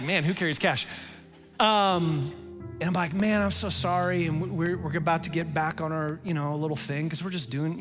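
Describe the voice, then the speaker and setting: High-voiced pastor preaching in a big hall. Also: male voice. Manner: storytelling, animated, laughs at himself. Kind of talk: sermon.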